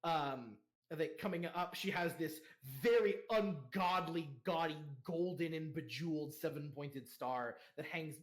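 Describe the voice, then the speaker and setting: A man's voice: a little high, unhurried. A young man narrating as game master, rambling with fillers and laughter.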